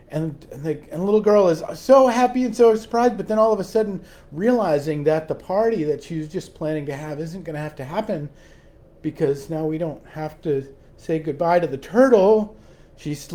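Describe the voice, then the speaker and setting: A man's voice: a little high, dark tone. A man giving a sermon reflection as a pastor, often repeating words and restarting as he tells a story.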